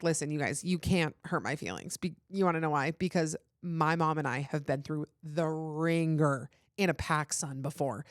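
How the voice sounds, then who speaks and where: A woman's voice: low-pitched, no room sound, clean studio sound. A woman hosting a podcast, talking in a candid, rambling casual chat with lots of "like.". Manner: candid, rambling, heavy use of "like". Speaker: podcast host.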